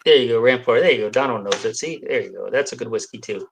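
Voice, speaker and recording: A man's voice: mid-range voice, fast, vocal fry, slight background noise. A man chatting as a guest on a live stream over a video call, hesitant and full of fillers, poking fun at himself. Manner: hesitant, many fillers, self-deprecating. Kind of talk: casual chat over whiskey tasting.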